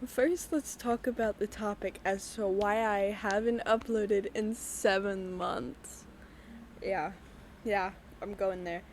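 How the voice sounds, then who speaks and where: A young woman hosting her own podcast, talking candidly in a halting, hesitant way with many pauses and ums. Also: mid-range voice, fairly even intonation, darkish tone, a little hiss or hum. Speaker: podcast host. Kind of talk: candid personal talk. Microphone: voice-only recording with a black screen.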